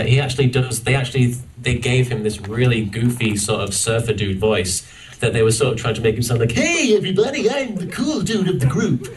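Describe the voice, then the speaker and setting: Low-voiced man, halting panel talk. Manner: halting, many restarts. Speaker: convention panel guest. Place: convention panel room. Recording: distant audience-camera recording.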